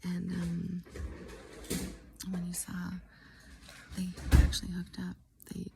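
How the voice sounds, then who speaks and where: Gravelly woman with a whispery delivery. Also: fairly low pitch, monotone, heavy background noise. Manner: drifts between soft whisper and full voice, halting with fillers. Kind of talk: casual spoken storytelling.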